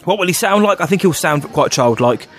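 A man's voice: high-pitched, lively intonation, fairly quick, fairly bright tone. A man co-hosting a podcast, rambling and self-mocking in casual chat, laughing often. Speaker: podcast co-host.

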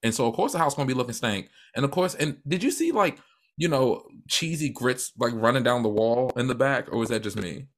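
A man co-hosting a podcast who comments in a relaxed, reflective way, with a few jokes. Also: mid-range voice, fairly quick. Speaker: podcast co-host. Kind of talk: casual chat.

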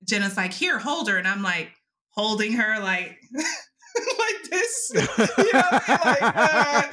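Female podcast host, casual and profane, lively raconteur with a tense, bright, fairly high voice. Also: takes it slowly. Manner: animated, laughing, acts out quotes; casual with swearing and fillers. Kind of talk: casual storytelling chat.

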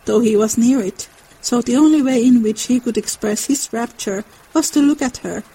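Woman narrator for a dramatic reading; expressive, measured, mellow and slightly breathy. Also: on the high side, low-quality recording. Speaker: reader. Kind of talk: dramatic reading of a classic novel.

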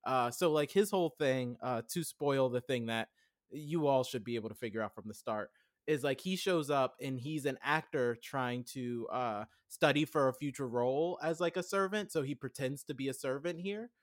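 A man's voice: mid-range voice, moderate pace. A man in a casual film chat, rambling and saying "like" a lot as he animatedly retells scenes. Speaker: podcast co-host.

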